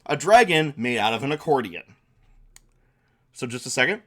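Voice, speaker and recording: A man's voice: mid-range voice, very animated, normal speed, bright, forceful tone. A man acting as game master and streamer, narrating a tabletop game and thinking aloud as he draws. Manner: casual, thinking aloud while drawing.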